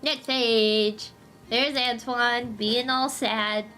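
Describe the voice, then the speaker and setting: A woman's voice: sits high, lively intonation, a little slow, pauses often, pushed and bright, soft background music. A young woman hosting a livestream, chatting casually and gushing with giggles while she reads comics. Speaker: livestream host.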